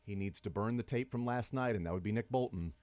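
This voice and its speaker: Arguing his points at length, a middle-aged sports talk radio host keeps things conversational while building long arguments. He talks fast in a fairly low, darkish voice, and the recording has no echo.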